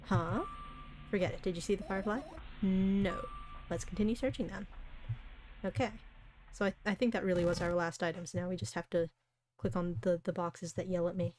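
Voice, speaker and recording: A woman's voice: fairly low pitch, fairly even intonation, a little fast, long pauses, slight background noise. A woman streamer reading a visual novel aloud, breaking into chatty, giggly asides between the lines. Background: soft background music.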